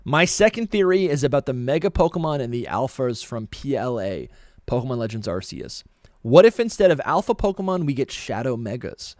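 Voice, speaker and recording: Rambling podcast host, dry close mic. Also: male voice, mid-range voice, big pitch swings, brisk, darkish tone, no room sound. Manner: loose, rambling, self-correcting. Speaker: podcast co-host reading chat. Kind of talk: casual live podcast chat.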